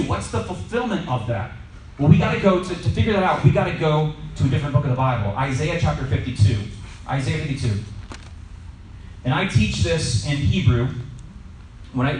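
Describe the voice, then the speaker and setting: Brief: male Bible teacher, slightly high voice, animated sermon-style teaching, echoey room, mic set back. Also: recorded from a distance, slight background noise. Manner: animated, acts out shouting scenes.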